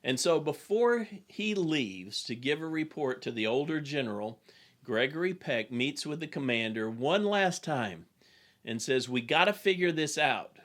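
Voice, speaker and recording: Man, executive coach, recorded business lesson, earnest, plain, direct, mid-pitched voice. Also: animated, a little slow.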